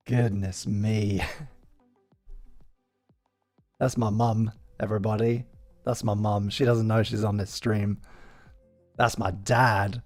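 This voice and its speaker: Guy in his 30s, chatty stream commentary, unhurried, soft music behind. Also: fairly low pitch, flat delivery. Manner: chatty, self-deprecating, joking asides. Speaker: live-stream host. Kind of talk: casual live-stream commentary.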